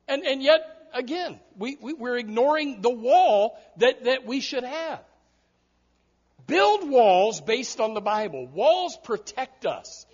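Male pastor, very high pitch, emphatic stop-start sermon delivery, muffled lo-fi audio. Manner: emphatic, repetitive preaching with frequent restarts.

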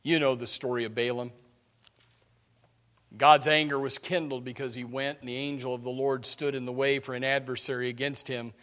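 A man preaching a sermon in an animated, emphatic way, often repeating words as he starts a sentence. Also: mid-range voice, normal speed. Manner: animated, emphatic preaching with sudden loud peaks.

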